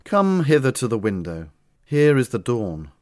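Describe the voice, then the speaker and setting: A man's voice: mid-range voice, very animated, measured pace, darkish tone, no room sound, studio quality. A man playing an ardent, devoted young nobleman in an amateur audio drama, speaking with earnest, impassioned declamation. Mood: urgent.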